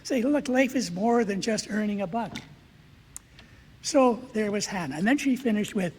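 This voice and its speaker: Older priest, high-pitched, storytelling speech, long hall echo, faint noise behind. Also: male voice, expressive, moderate pace. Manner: storytelling, acting out quoted dialogue. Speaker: Jesuit priest accepting a medal. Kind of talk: anecdotal acceptance speech.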